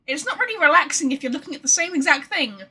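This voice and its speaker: A woman's voice: high-pitched, expressive, quick pace, sharp tone. A woman streaming a video game, chatting casually, swearing freely and talking to her cat. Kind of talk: casual gameplay commentary.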